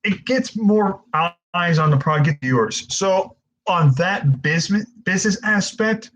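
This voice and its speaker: A man's voice: sits high, expressive, a little slow, fairly bright tone, poor audio. Frustrated young man live streaming. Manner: frustrated, stammering, swears often.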